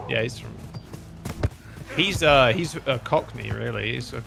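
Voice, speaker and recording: A man co-hosting a gaming stream, teasing and excitable in his reactions. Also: medium pitch, slow pace, vocal fry, music in the background. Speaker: stream co-host. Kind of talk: casual gaming chat.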